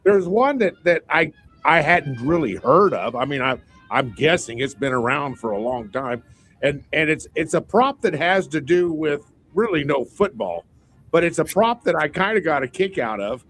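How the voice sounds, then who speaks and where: A man's voice: a little high, animated, moderate pace, fairly bright tone, faint music behind. A man on a sports radio panel, telling his picks at length with emphatic, rambling restarts. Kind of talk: casual radio sports chat.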